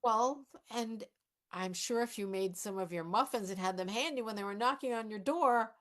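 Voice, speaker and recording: A woman's voice: on the high side, normal speed, fairly bright tone, natural voice. A woman performing live improv, playing a cautious older activist who muses hesitantly and pokes wry holes in the plans. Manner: dry, hesitant, mildly skeptical.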